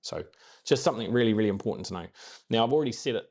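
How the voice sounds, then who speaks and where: This is the host of a daily live stream, a man from New Zealand whose accent shows it. His fairly low voice is gravelly, a little mellow, and expressive, and he talks very fast. The stream is casual and motivational, upbeat and meandering, with his main phrases said again and again.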